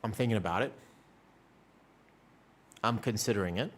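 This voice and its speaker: A man's voice: fairly low pitch, normal speed. A man streaming, chatting casually with viewers, rambling and self-deprecating, swearing casually.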